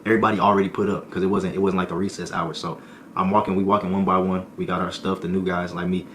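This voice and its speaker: A young man with a deep, low-pitched voice tells a funny story on a stream. He talks in loose slang, tags his lines with "boy," and leans on repetition for laughs. A faint hiss sits under his voice. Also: fast talker. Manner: animated slang-heavy storytelling, repeating "boy" and "folk"; laughs often, repeats lines for effect. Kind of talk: comedic storytime.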